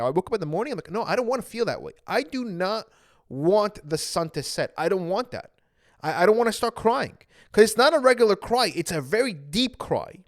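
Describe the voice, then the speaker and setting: A man's voice: on the high side, no echo, studio quality. A young man, an anxiety coach, earnestly telling his own story to viewers and repeating phrases for emphasis.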